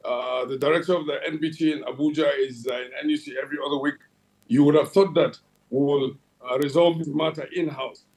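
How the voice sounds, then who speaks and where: A Nigerian man who heads a regulatory agency answers questions as a guest in a TV interview, speaking in a formal official tone full of fillers and restarts. His fairly high voice is darkish and steady in tone, a little fast, and the recording is rough.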